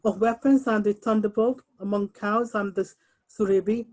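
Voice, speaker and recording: A woman reads scripture translations aloud to a group over a computer call. Her voice is warm and mellow, her delivery measured and careful, and she sometimes trips over long names. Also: mid-range voice, steady tone, poor audio. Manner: slow, careful reading with stumbles and apologies. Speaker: reader of English translation. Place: someone else's home, on an unfamiliar computer.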